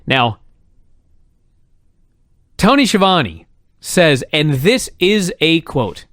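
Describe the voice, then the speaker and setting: A man's voice: a little high, sing-song, drawn-out words, pauses often, fairly bright tone, no echo, studio quality. A man co-hosting a podcast in casual chat, incredulous and exclaiming, full of rhetorical questions. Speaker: podcast co-host.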